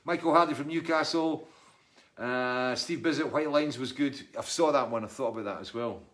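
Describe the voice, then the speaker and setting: A man's voice: mid-range voice, normal speed, a bit bright. A middle-aged Scottish man and musician, chatting casually and wryly as he reads out and answers viewer comments. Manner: rambling, chatty, wry. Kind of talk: casual live chat reading comments.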